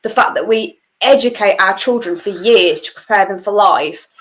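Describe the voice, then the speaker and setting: A woman's voice: mid-range voice, normal speed, fairly bright tone, poor audio. A woman chatting on a podcast, blunt and emphatic, swearing freely when she gets worked up. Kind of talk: casual chat.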